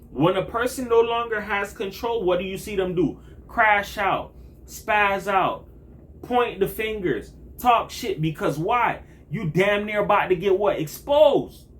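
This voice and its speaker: Blunt, profane man ranting to camera. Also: sits high. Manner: blunt, profane street slang, animated storytelling. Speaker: vlogger. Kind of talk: casual monologue to camera.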